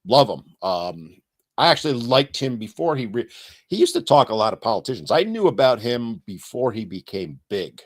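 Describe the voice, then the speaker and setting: A man's voice: medium pitch, sing-song, moderate pace. A man in his sixties hosting a casual live-stream Q&A, reading viewer comments and talking freely with lots of fillers. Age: 60s. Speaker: channel host and activist. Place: home studio. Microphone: streaming setup.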